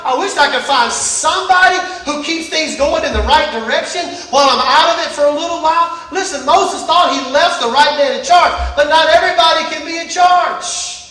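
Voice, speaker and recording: A pastor preaching a Sunday sermon with emphasis, repeating phrases and building up to shouts. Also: very high voice, fairly quick, few pauses. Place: church service. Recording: echoey church from far off.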